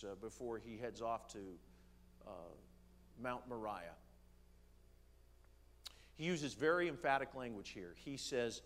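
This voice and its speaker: Male pastor, sermon delivery, emphatic, measured, mid pitch. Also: a bit bright. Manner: slows down to stress key words, some fillers. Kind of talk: sermon reading and explaining scripture. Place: church sanctuary.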